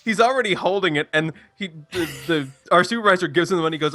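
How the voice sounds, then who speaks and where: Casting note: young guy, slightly high voice, dry close mic, rambling storyteller. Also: fast, sharp tone, no echo. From Canada. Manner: rambling, restarts a lot. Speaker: stream co-host. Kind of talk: casual storytelling.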